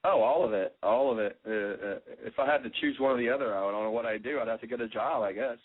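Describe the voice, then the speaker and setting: A man's voice: mid-range voice, very animated, fast. Guest: laid-back Texan man, Southern accent, jokey and loose, phone-line sound. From Texas. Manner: laid-back, joking, swears casually. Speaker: guest musician. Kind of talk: casual radio interview.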